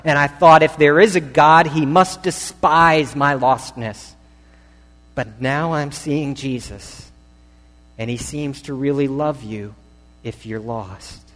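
A man's voice: a little high, takes it slowly, fairly bright tone. A male preacher voicing a sophisticated secular woman who speaks hesitantly and earnestly, heard in a reverberant hall. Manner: hesitant, confiding.

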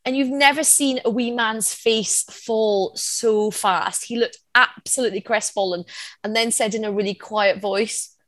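A woman comedian chatting casually, telling a story in a lively, animated way. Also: fairly high pitch, a little slow, no room sound. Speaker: comedian and speaker. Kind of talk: casual conversation.

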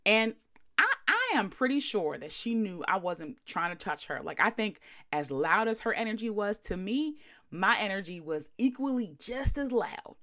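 A woman's voice: medium pitch, very animated, normal speed, fairly bright tone. Chatty, slangy woman podcast host. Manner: chatty and slangy, lots of "like" fillers; blunt and wry. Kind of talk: casual storytelling.

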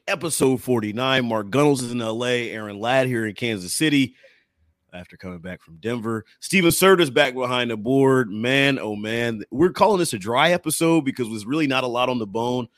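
A man's voice: mid-range voice, brisk, fairly bright tone, dry recording, studio quality. Upbeat male sports podcast host. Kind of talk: casual sports podcast chat.

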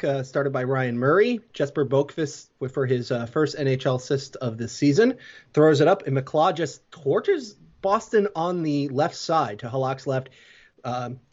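A podcast co-host with a fairly high-pitched voice casually recaps a hockey game, walking through the plays one by one and sprinkling in fillers. The recording sounds muffled.

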